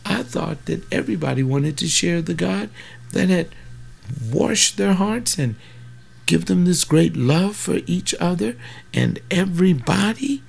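A man's voice: high-pitched, lively intonation, a little slow, creaky, breathy edge. A man in his seventies preaching in an informal, rambling way, fervent, with folksy asides and sudden bursts of emphasis. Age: 70s.

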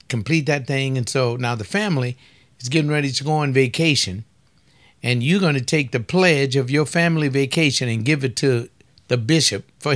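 A man talks in a loose preaching style, folksy and teasing. He keeps prodding his listeners with rhetorical questions at a middling pitch. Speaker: speaker on family life.

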